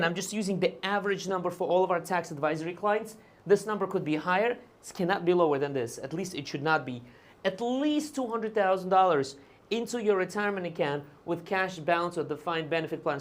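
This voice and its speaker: Chatty man explaining taxes live. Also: sits high. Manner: conversational, checks in with "right?" and "okay?"; hedges on details. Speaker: host and tax advisor.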